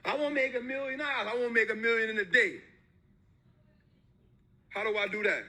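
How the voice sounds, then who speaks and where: A motivational speaker with a fairly high, very bright voice and a husky edge talks a little fast. He hammers his points home through repetition and emphatic, slangy street talk.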